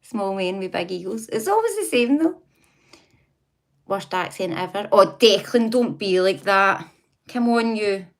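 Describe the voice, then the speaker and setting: A woman's voice: mid-range voice, lively intonation, unhurried. A woman hosting a casual livestream, chatting, laughing often and talking back to her viewers. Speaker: livestream host.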